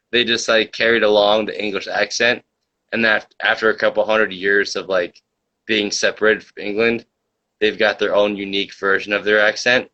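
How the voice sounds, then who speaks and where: On a dull lo-fi mic, a man with a lowish, sharp-toned voice hosts a comedy livestream. He reads viewer comments and jokes around in a casual, rambling, mock-conspiratorial manner.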